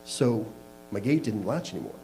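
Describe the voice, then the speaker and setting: A man's voice: fairly low pitch, big pitch swings, moderate pace, warm tone, soft background music, rough recording. A man telling a candid personal story to a live audience, laughing at himself as he goes. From Canada. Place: small live venue.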